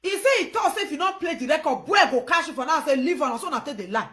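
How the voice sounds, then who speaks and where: Animated Nigerian woman ranting on a live stream. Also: sits high, fast. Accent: Nigerian Pidgin English. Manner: animated, laughing, switches between loud outbursts and quiet phone chat. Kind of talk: casual live-stream rant.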